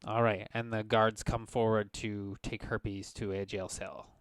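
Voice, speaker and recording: A man's voice: fairly low pitch, flat delivery, unhurried, background noise. A man acting as game master, narrating scenes and speaking for council members and guards.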